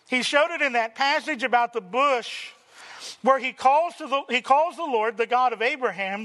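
A man's voice: extremely high pitch, normal speed, bright, forceful tone. A man preaching a sermon as pastor, emphatic, with rhetorical questions and building lists.

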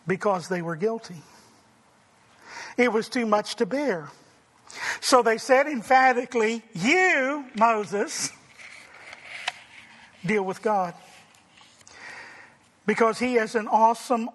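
A man preaching a sermon, emphatic and rising to forceful declarations. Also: extremely high pitch, big-room sound. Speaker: pastor.

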